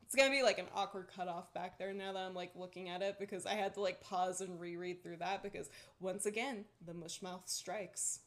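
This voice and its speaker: A woman's voice: fairly low pitch, steady tone, brisk, hardly any pauses. A young woman co-hosting a podcast in casual chat, dry-mouthed from just waking up, talking with lots of "like" fillers and easy laughs. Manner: chatty, many "like" fillers, laughs often. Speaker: podcast co-host.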